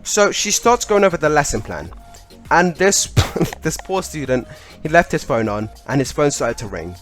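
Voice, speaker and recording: A man's voice: a little high, sing-song, moderate pace, soft background music. A young man casually telling a funny school story, laughing as he goes. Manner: chatty, laughing, lots of "like".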